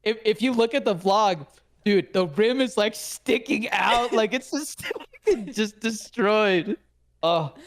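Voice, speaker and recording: With a high voice and an unhurried pace, a young man co-hosting a podcast spins animated stories. He laughs often, swears, and performs the quotes as he casually chats.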